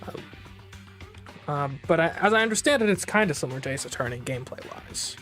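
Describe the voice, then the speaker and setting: A woman's voice: deep voice, lively intonation, fast talker, a bit bright, faint music behind. A woman streaming a video game, chatting casually, often stumbling and correcting herself. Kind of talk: casual game stream, reading dialogue aloud.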